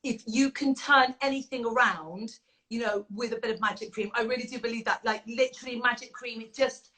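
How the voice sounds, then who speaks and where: Effusive, bright-voiced Englishwoman. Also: a little high, brisk, rough recording. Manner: effusive, gushing, chatty with many fillers. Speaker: makeup artist and beauty brand founder. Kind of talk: casual chat with makeup demonstration.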